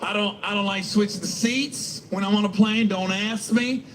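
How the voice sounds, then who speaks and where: A man's voice: high-pitched, fairly even intonation, normal speed, crowd noise, noisy background. A middle-aged male stand-up comedian telling profane, rambling stories full of restarts.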